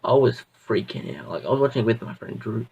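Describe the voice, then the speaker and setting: A man's voice: lowish voice, very animated, quick pace, vocal fry, a little mellow, distant mic, lo-fi sound, a little hiss or hum. A man reviewing a show in a casual, rambling way, full of fillers and restarts. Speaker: video reviewer.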